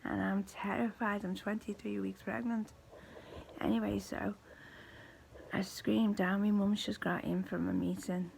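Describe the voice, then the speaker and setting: A woman in her thirties with a weak, thin voice, telling her own story to camera in slow, halting speech that often fades to a breathy near-whisper. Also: medium pitch, flat delivery, darkish tone, slight background noise, rough recording. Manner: halting, slow speech with pauses, restarts and fillers. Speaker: vlogger.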